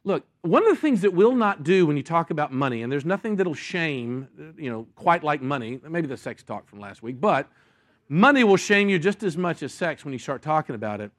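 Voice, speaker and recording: Man, pastor, sermon, lively delivery, acts out voices, somewhat high voice. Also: a little fast, no echo, clean studio sound. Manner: animated, acts out story voices, restarts often. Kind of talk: sermon with audience Q&A.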